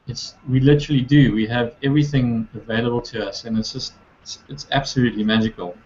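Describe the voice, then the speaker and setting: A man's voice: medium pitch, fairly even intonation, fast, a little mellow, dull audio, a little hiss or hum. Easygoing South African man on a call. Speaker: guest. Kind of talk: casual group video chat.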